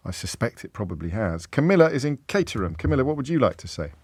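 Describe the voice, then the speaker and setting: A man's voice: medium pitch, sing-song, quick pace, a little mellow, husky, dry recording. A middle-aged man hosting a talk radio phone-in, wry and discursive, often restarting his sentences. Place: radio studio. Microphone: studio microphone with headphones.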